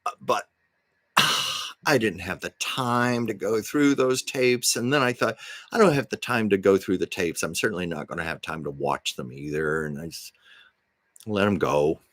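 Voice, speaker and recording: A man speaks at a moderate pace in a low, slightly bright voice as he hosts a home livestream. He chats casually through meandering stories, frequently correcting himself, and there's no room sound.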